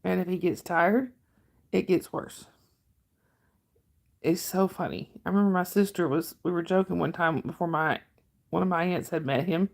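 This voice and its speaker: A middle-aged woman with a Southern drawl and a gravelly, creaky voice, rambling casually on a home livestream. Her voice sits on the low side, and she stops often to answer viewers' comments. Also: normal speed, pauses often, darkish tone. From northern Georgia, US. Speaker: livestream host.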